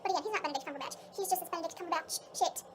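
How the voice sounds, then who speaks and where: A woman with a very high, squeaky voice rattles through a story at breakneck speed. She rambles excitably and stumbles over repeated words. Clear background noise runs under the recording. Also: rapid-fire. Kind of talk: casual storytelling.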